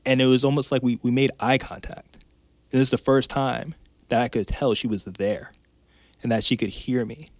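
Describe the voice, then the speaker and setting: Candid and emotional, a male life coach on a podcast tells a personal story with quick restarts. His mid-range voice has little pitch movement, and there's no room sound.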